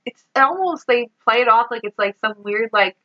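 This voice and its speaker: A woman co-hosting a podcast, recapping a movie in animated casual chat, laughing often and saying "like" a lot. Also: a little high, moderate pace, lo-fi sound. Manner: animated, laughing, heavy use of "like". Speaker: podcast co-host.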